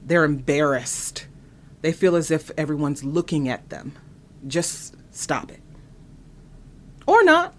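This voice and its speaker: A woman hosting her own show, giving opinionated commentary in an exasperated, animated way, full of rhetorical questions. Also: sits low, measured pace, slight background noise. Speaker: host.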